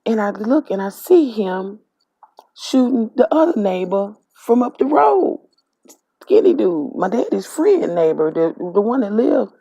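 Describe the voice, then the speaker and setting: A woman's voice: mid-range voice, big pitch swings, unhurried, gravelly, warm tone, husky, no room sound, lo-fi sound. A woman from Mississippi with a Southern accent, animatedly retelling a dream in casual storytelling style. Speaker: spiritual vlogger.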